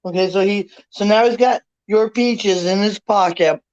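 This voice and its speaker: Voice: medium pitch, moderate pace, darkish tone, dry recording, muffled recording. A co-host in casual chat, supportive and joking, bringing up a song. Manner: chatty, supportive, jokes about a song.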